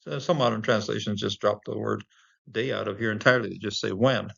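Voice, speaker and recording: A man's voice: lowish voice, brisk, vocal fry, fairly bright tone, highs cut off. A man teaching a Bible language lesson informally, explaining word by word with many fillers and the odd chuckle.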